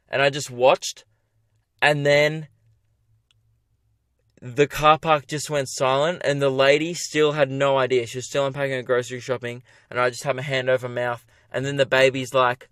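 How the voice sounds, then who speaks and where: Animated Australian man telling a comic story. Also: medium pitch, moderate pace, no echo, studio quality. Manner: animated, profane, self-mocking. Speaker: comedian and podcast host.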